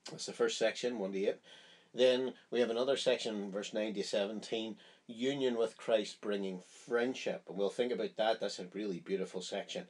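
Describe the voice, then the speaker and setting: A man with a somewhat low, husky voice leads a Bible study. He explains the chapter section by section in an earnest, conversational way. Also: moderate pace. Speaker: Bible teacher.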